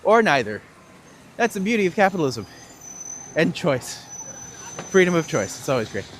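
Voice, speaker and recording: On the high side and very animated, at normal speed with slight hiss or hum, a young tour guide livestreams a walk through cold outdoor city streets. He chats casually, reading and answering viewers' questions with jokes.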